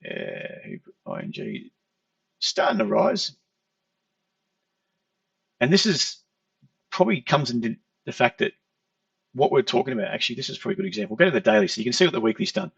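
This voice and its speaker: A man's voice: mid-range voice, huge pitch swings, brisk, vocal fry, long pauses, dry recording. A man walking through trading charts in a conversational lesson, often checking in with "okay". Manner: explanatory, conversational, repeats "okay". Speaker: trading educator. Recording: dull lo-fi, distant from mic.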